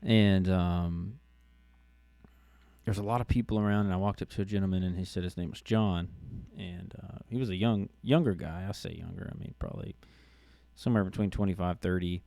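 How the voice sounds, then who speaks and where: A middle-aged man, a podcast host, telling a personal story in a casual, halting way with many restarts and fillers. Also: sits low, gravelly, dark tone, dry recording.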